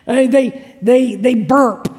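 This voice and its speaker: High-voiced pastor preaching in a reverberant hall. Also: male voice, slow pace, a little mellow. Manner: conversational, repeats key phrases, asks congregation questions. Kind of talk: sermon.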